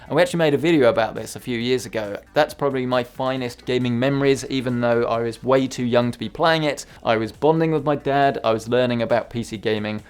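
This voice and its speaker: A man's voice: medium pitch, a little mellow, smooth. Chatty young man vlogging. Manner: chatty, self-mocking. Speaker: tech YouTuber. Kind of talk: casual chat.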